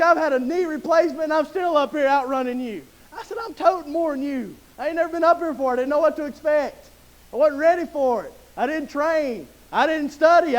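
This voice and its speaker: A man from Mississippi with a Southern accent preaching a sermon in a church, telling folksy stories in plain Southern talk. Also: extremely high pitch. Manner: folksy storytelling with Southern slang. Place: church sanctuary.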